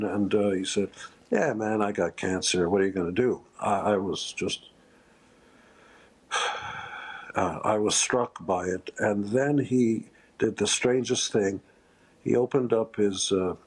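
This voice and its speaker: A husky, low-voiced older man pays tribute in an interview. He speaks haltingly, pausing often and sounding choked up. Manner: halting, choked up, many pauses. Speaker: interviewed musician.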